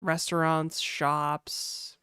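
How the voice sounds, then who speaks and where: In a relaxed livestream chat, a female game developer talks freely, laughing a lot and peppering her speech with "like" and "dude." She speaks very slowly in a low, fairly flat voice that's a bit bright and clean in tone. It's studio-quality audio with no echo.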